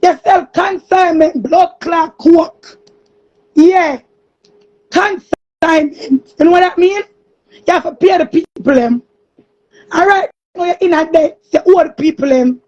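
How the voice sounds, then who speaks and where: A woman with a Jamaican accent in an angry, cursing monologue, often shouting. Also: very high-pitched, a little slow, long pauses. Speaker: streamer. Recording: muffled lo-fi recording.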